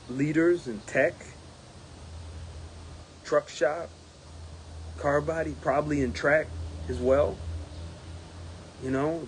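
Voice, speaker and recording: A man who is a union steward, giving a casual spoken report, animated and laughing often, mimicking others in a raised voice. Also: on the high side, slight background noise.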